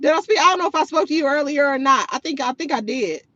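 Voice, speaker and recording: A woman's voice: high voice, expressive, quick pace, a bit bright, no room sound, highs cut off. A woman hosting a livestream in a sassy, mocking way, talking to her chat. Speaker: livestream host. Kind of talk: livestream chat reacting to viewers.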